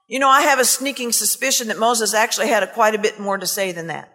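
A woman's voice: sits high, fairly even intonation, fast talker, hardly any pauses, fairly bright tone. A woman preaching a sermon, impassioned and emphatic, with scornful asides and Scripture read aloud. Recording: long hall reverb, faint music.

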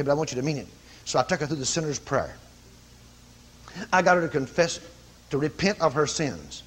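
A man preaching a sermon, telling a story and rising from quiet telling to loud commanding cries. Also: fairly high pitch, breathy edge.

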